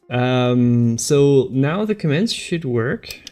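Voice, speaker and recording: Slow-talking painter streaming live. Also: male voice, medium pitch, lively intonation, mellow, soft background music. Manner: thinks aloud, halting, chatting with viewers. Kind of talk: casual live-stream chat while painting.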